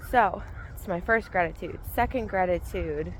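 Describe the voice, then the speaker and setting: A woman and vlogger giving a relaxed, rambling spoken gratitude list while out walking in the cold. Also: on the low side, normal speed, a little hiss or hum, rough recording. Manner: relaxed, rambling, thinking aloud. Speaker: vlogger and mindset coach. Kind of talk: casual spoken gratitude journal. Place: outdoors on a cold walk.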